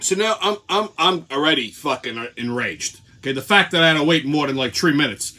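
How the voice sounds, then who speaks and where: Guy with a high voice cursing nonstop through a weekly rant. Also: expressive, brisk, bright, forceful tone. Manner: profane, angry storytelling. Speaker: show host. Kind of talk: ranting weekly commentary.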